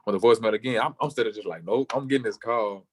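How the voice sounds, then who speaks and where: A young man, a football player, telling his story in an interview and acting out the people he quotes, sometimes jumping way up in pitch for their lines. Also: quick pace. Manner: acts out quoted voices, jumping high for other people.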